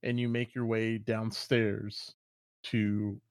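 A man's voice: on the low side, level tone, slow, clear, resonant tone, dry recording, clean studio sound. Man narrating a tabletop game, hesitant. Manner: loose, hesitant, full of fillers. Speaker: game master.

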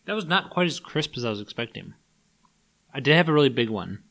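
A man co-hosting a casual food-tasting podcast, talking in a rambling, animated way and swearing now and then. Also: mid-range voice, a little fast, gravelly. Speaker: podcast co-host. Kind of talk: casual chat.

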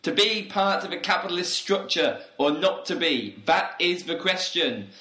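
Man playing a young male revolutionary, pompous, preachy, bright voice, roomy echo. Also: sits high, expressive, normal speed. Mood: rousing. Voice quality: pompous, speechifying. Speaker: student activist on a volunteer trip.

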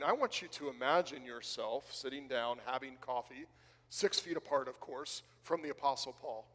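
A man's voice: a little high, long reverb tail. A male pastor preaching a sermon in an earnest manner, repeating words for emphasis. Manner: earnest, rising and falling, repeats words for stress.

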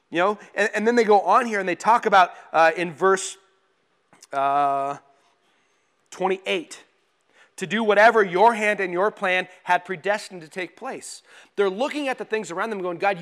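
Guy pastor with a high voice giving a sermon, chatty, jokes at himself, does little panicky voices. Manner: conversational, self-deprecating, acts out panicked and calm inner voices.

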